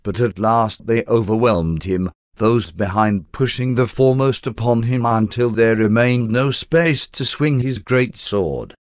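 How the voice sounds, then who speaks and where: A man's voice: mid-range voice, no echo, studio quality, lightly acted. A man voicing a devoted young woman, a former slave, in an audiobook, reading her lines earnestly and steadily. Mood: sorrowful.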